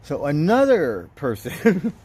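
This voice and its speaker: A man's voice: on the high side, slow pace, slightly rough. A man livestreaming outdoors, telling a story in a casual, profane way, chuckling as he goes. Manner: profane, chuckling, animated retelling.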